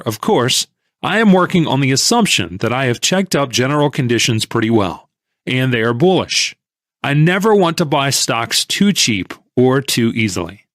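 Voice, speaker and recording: Expressive male audiobook narrator. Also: mid-range voice, no room sound, clean studio sound. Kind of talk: first-person audiobook reading.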